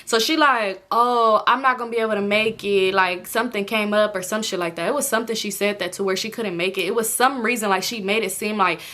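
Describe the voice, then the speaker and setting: A young American woman telling a storytime on her vlog, chatty and animated, swearing freely. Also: medium pitch, brisk, hardly any pauses. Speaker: vlogger. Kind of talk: casual storytime.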